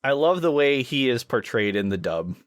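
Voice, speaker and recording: An enthusiastic man co-hosting a casual chat podcast, now and then slipping into quick impressions of the lines he quotes. His voice sits at an ordinary middle pitch. The sound is dry and close, with no room around it. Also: sing-song, dry recording. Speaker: podcast co-host.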